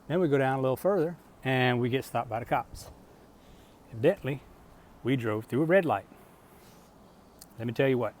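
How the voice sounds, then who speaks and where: Middle-aged male vlogger, mid-pitched, rambling and profane, storytelling straight to the camera. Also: a little mellow. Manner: conversational, asks rhetorical questions. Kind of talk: casual storytelling monologue.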